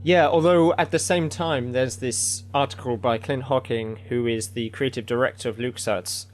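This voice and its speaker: A man co-hosting a casual podcast, joking in a dry, deadpan way. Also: medium pitch, moderate pace, a little hiss or hum. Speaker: podcast co-host. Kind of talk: casual chat.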